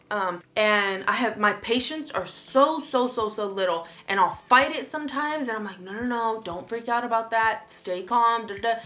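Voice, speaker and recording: Chatty young woman with a bright voice. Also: medium pitch. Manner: chatty, rambling, with many fillers and restarts; acts out her own past lines with sudden loud outbursts. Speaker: vlogger. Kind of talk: casual storytime vlog.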